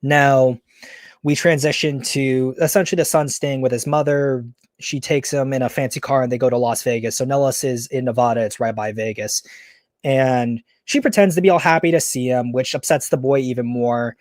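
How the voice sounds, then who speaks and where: A man hosting a podcast, casually retelling a story pitch in a rambling, enthusiastic way. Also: fairly even intonation, normal speed, darkish tone, dry recording, clean studio sound. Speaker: podcast host.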